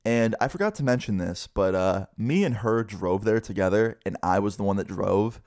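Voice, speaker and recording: A young man telling a personal story to camera in a casual storytime vlog, animated and swearing casually. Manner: animated, quick shifts in pitch, swears casually.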